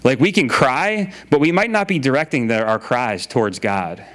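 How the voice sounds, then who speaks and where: A man's voice: medium pitch, expressive, normal speed, fairly bright tone. A man preaching a sermon in a casual, conversational way, often repeating his phrases and using filler words. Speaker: pastor.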